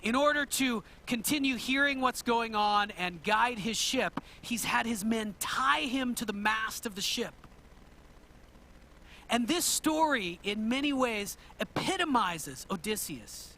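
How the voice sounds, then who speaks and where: A male pastor delivering a sermon as an animated storyteller, retelling an old tale in plain conversational words. His voice sits very high and sounds bright and forceful. He now and then turns to the congregation with a question. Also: a little slow, slight background noise. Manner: asks the audience questions.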